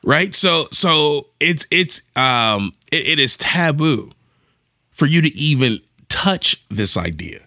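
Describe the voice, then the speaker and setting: A man co-hosting a podcast, talking in an animated, casual way and thinking aloud with frequent restarts. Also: on the high side, slow pace, dry recording, studio quality. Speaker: podcast co-host. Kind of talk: casual discussion.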